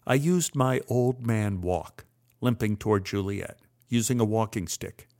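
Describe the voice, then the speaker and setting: A man's voice: on the low side, a little slow, darkish tone. An older man telling a personal story in a wry, dryly humorous way. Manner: wry, dry humor with acted-out quotes.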